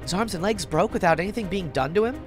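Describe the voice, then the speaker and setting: A woman's voice: fairly low pitch, expressive, quick pace, music in the background. A woman voicing an uneasy teenage student protagonist in a video game, reading her lines in a questioning way.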